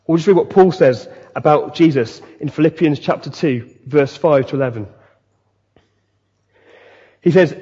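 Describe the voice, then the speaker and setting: A man preaching a sermon, animated and acting out the voices of the people he quotes. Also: on the high side, moderate pace, pauses often, slightly rough. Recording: dull, long-reverb hall.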